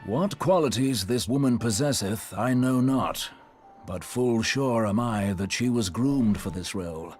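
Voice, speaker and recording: A man's voice: on the low side, unhurried, a little mellow, faint music behind, close to an everyday voice. A man voicing a solemn male scholar in a video game, speaking in formal old-fashioned phrasing. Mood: grave.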